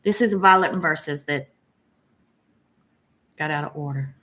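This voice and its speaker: Woman host, middle-aged, chatty and gushing with lots of fillers, lowish voice. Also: a little slow, fairly bright tone. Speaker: flosstube host. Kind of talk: casual chat showing cross-stitch purchases.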